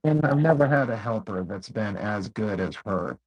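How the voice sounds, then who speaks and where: A man's voice: fairly low pitch, animated, moderate pace, muffled recording. A man co-hosting a casual chat, laid-back and swearing freely as he tells stories. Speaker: co-host.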